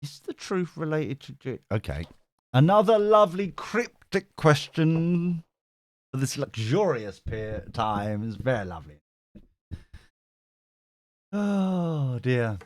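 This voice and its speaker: Cheeky male streamer, lively up-and-down delivery, dry close mic. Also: mid-range voice, takes it slowly, long pauses, dry recording. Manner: cheeky, swears, laughs a lot, reads chat aloud. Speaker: tarot reader streamer. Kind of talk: casual live-stream chat.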